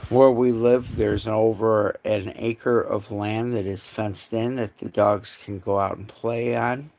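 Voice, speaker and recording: A man's voice: on the low side, fairly even intonation, unhurried, creaky, darkish tone. A man chatting casually on a live stream at home, cooing baby talk to his dogs in between. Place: indoors at home.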